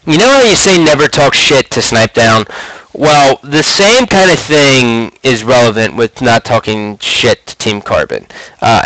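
A man's voice: mid-range voice, a bit bright, dry recording, low-quality recording. A man in his twenties hosting his own show, telling stories about his competitive gaming days in a brash, profane, swaggering way. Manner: brash, profane, swaggering trash-talk storytelling. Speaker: podcast host recounting esports career. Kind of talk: casual storytelling monologue.

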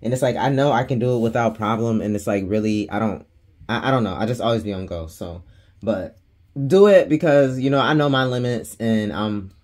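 A man's voice: fairly low pitch, a little fast, a little mellow. A man giving a casual tarot reading, chatty and slangy, laughing often and swearing freely. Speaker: tarot reader.

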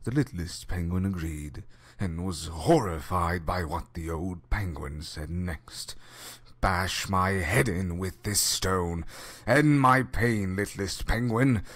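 A man voicing a grave, elderly-sounding documentary-style narrator for a game, speaking in a slow, measured, hushed way. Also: low-pitched, full character voice. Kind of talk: scripted storybook narration. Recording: game audio over loud music.

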